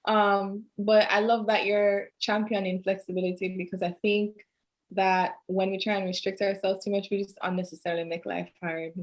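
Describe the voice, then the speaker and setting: A woman with a Jamaican accent hosts a relaxed interview at a middle pitch. She is chatty and laughs a lot, and her talk keeps drifting into patois. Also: moderate pace, poor audio. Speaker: podcast host. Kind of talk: casual interview chat.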